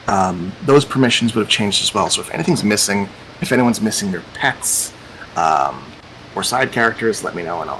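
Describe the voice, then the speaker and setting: A man's voice: medium pitch, a bit bright, a little hiss or hum, low-quality recording. Chatty man hosting a tabletop game. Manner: chatty, meandering, repeats "cool". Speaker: game master.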